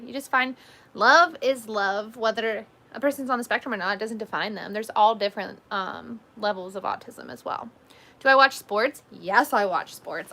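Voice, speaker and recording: A chatty woman in her thirties talks casually on a livestream, reading comments and answering them. Her voice sits a little high and sounds bright and forceful, and her talk is loose and peppered with fillers. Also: gravelly. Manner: chatty, frequent "like" and "um", reads comments aloud. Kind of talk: casual live chat.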